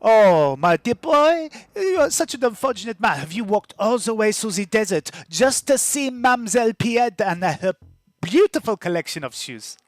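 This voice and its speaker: A man voicing a vain, fawning woman who sells shoes, with affected, salesy flattery. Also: sits high, normal speed, no echo, pitched above the performer's own voice. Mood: gushing. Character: vain, fawning woman shoe seller in a tatty fancy dress.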